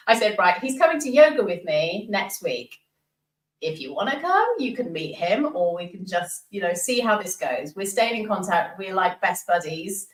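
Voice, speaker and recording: A woman's voice: medium pitch, normal speed, far from the mic. Chatty woman telling a story. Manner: animated, rambling storyteller. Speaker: podcast guest. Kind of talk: storytelling in casual chat. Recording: roomy, from off the mic.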